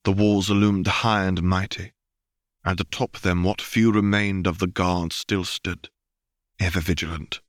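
A man narrating a fanfiction audiobook in a steady storytelling manner. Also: deep voice, unhurried, no room sound, studio quality. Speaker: audiobook reader.

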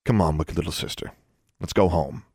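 A man's voice: low voice, moderate pace, a little mellow, slightly rough, dry recording, clean studio sound. A man reading an audiobook, voicing a weary, wry young older brother.

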